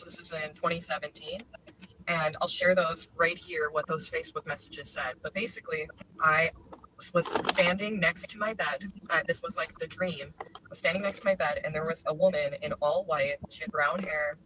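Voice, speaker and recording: A man earnestly telling a personal story to camera, animated and sincere. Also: a little high. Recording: distant mic with noise.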